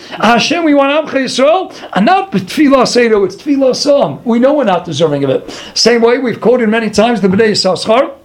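High-voiced man giving a Torah class. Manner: animated, pleading asides to God, Yiddish-Hebrew terms. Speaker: Torah teacher.

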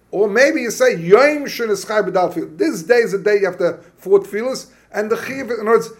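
A man teaching a Talmud class, thinking aloud, asking the class questions and often restarting. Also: high-pitched.

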